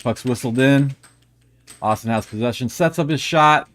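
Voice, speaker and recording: A man's voice: medium pitch, moderate pace, fairly bright tone. A man doing live play-by-play commentary on an air hockey match in a joking, playful manner.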